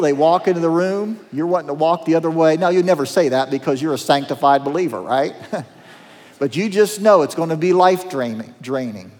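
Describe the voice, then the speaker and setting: A man's voice: on the high side, a little mellow. A man, a pastor, preaching a sermon in a conversational, humorous way with dramatic quotes. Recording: reverberant church hall.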